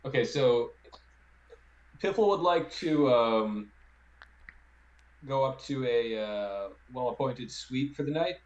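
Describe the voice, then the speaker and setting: A man playing a tabletop game, speaking casually with halting, hesitant phrasing. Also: medium pitch, lively intonation, muffled recording. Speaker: player.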